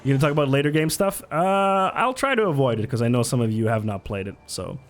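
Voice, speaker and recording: A man's voice: medium pitch, lively intonation, quick pace, soft background music. A man chatting casually as he streams a video game and reads chat. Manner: chatty, swears often, reacts to chat. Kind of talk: casual gameplay commentary.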